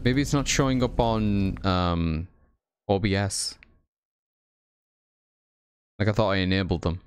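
Low-voiced joking male game streamer. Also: slow, clean tone. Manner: joking, swearing, talks to chat. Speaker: streamer playing a stealth game. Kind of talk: casual live-stream commentary. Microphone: desk condenser microphone.

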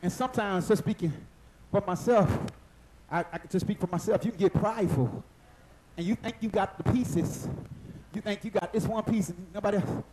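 A man preaching a sermon at a church service, lively and in call-and-response with the congregation, rising into shouts at the high points. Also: normal speed, noisy background.

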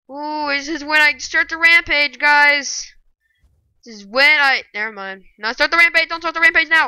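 A woman giving live gameplay commentary, excitable and bursting into loud shouting rants. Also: sits high, moderate pace, no room sound. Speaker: gaming video creator.

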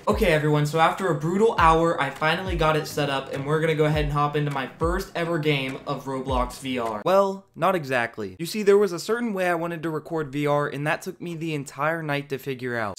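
A man giving excited, chatty commentary to his viewers while he plays a video game in a room at home. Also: a little high. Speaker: gaming YouTuber.

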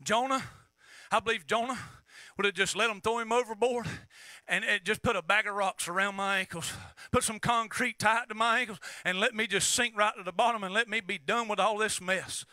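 High, bright-voiced preacher shouting. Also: male voice, fairly even intonation, brisk, no room sound. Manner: preaching with frequent amens and shouted peaks. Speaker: pastor. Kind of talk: fiery revival sermon.

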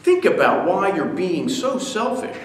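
A man's voice: a little high, very animated, moderate pace, distant mic. A man playing a tired, irritable father who scolds his young son, in a story read at a devotion. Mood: angry. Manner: gruff, scolding. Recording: echoey hall.

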